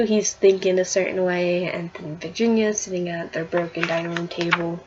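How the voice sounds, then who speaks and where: A woman's voice: on the low side, steady tone, moderate pace, highs cut off, music in the background. A woman recapping a comic book issue in a casual vlog, rambling and gushing with lots of fillers and restarts.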